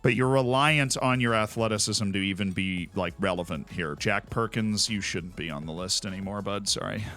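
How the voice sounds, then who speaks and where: A man streaming a game, telling stories in a casual, animated way and laughing often. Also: on the low side, normal speed, hardly any pauses, faint music behind. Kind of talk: casual chat while playing a game.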